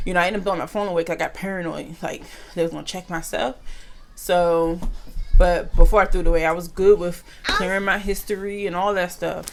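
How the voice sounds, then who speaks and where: Woman vlogger in a casual storytime, gravelly fry in her voice, lively and slangy with viewers. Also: fairly low pitch, fairly quick, slight background noise. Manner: animated, slangy, addresses viewers as y'all.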